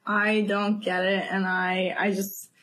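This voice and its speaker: A woman's voice: mid-range voice, takes it slowly. A young woman co-hosting a podcast, chatting casually and giving frank opinions. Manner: relaxed, candid, frank opinions. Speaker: podcast co-host. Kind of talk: casual chat.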